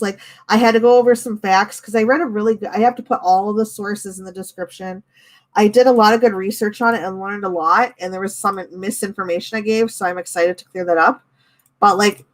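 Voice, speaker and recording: A young woman chats on a live stream at a mid pitch. She vents about a falling-out with a friend, animated and loose. She greets viewers by name as she goes. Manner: venting, talking with chat; animated, quotes others in her own voice. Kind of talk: casual live-stream chat.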